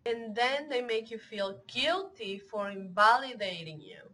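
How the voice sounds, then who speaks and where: A woman's voice: on the high side, unhurried, hardly any pauses, sharp tone, low-quality recording. A young adult woman giving an earnest talk on emotional health, running through long lists of example phrases. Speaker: online wellness teacher. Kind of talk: talking-head educational talk.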